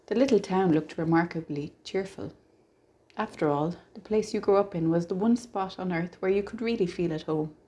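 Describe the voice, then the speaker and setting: Mellow-voiced woman narrating a story. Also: fairly low pitch. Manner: steady, measured storytelling.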